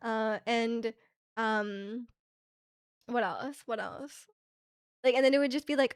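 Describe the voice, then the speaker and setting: A young woman from Canada chatting with her live stream audience, her voice sitting a little higher than most. She rambles through her thoughts with plenty of filler words and easy laughter. The sound is close and dry, with no room around it. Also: a little slow, no echo. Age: young adult. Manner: rambling, heavy use of "like" fillers, frequent laughs. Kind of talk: casual chat reading stream chat.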